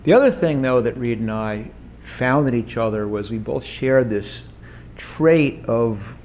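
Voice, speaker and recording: A man in his sixties, a company co-founder, telling a story as a guest, lively and animated and often restarting his sentences. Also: medium pitch, a little slow, slight background noise. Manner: animated, quotes others in lively voices, frequent restarts. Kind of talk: conversational storytelling on stage. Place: event room with audience.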